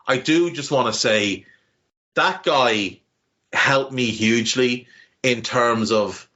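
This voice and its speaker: A man's voice: mid-range voice, sharp tone. Irish guy w a navan accent on a podcast, rambly and heartfelt, kinda dull lo-fi sound. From Ireland. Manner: rambling and heartfelt, many restarts, casual swearing. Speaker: podcast co-host. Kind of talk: casual podcast chat.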